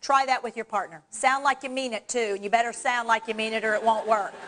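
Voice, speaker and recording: A woman's voice: on the high side, steady tone, fast talker, a bit bright. A woman trainer giving a live workshop on dementia care, talking directly and coaching the audience through hands-on exercises. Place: presentation room.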